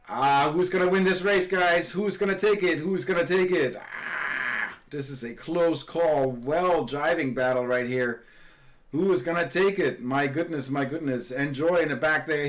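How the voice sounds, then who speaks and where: A man giving live commentary on virtual sailing races, excitable and quick to exclaim, repeating his calls as the boats close in. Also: medium pitch.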